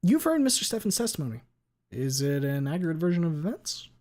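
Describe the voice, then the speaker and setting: A cunning courtroom lawyer barking pointed questions at a witness, as a man puts him on. His voice jumps well above the reader's own and gets louder, with a showy, pushy bite. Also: a little high, sing-song, brisk, pitched above the performer's own voice. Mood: pressing. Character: sly, determined male courtroom lawyer.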